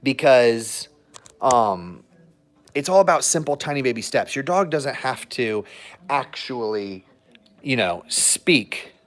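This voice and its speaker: Speaking slowly with a medium pitch and animated intonation, this man chats from a hotel room with his dogs. The vlog is loose and digressive, punctuated by jokes and laughter, with tips on dog training mixed in.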